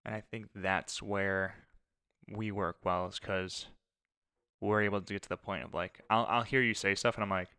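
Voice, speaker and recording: A man's voice: fairly low pitch, steady tone, moderate pace, pushed and bright, clear, resonant tone, no room sound, clean studio sound. A young man co-hosting a podcast with his wife, easygoing and thinking aloud with fillers. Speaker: podcast co-host. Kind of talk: casual chat. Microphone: close studio mic.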